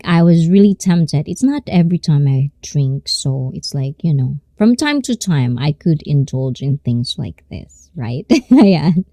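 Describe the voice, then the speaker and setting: A woman in her thirties with a Filipino accent, chatting on a live stream with a lot of giggling. Her voice is lowish and mellow, and her pitch swings widely as she drifts between Tagalog and English. She talks at an unhurried pace in a dry, close sound. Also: no echo. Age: 30s. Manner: giggly, mixing Tagalog and English while reading chat. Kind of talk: casual live-stream chat.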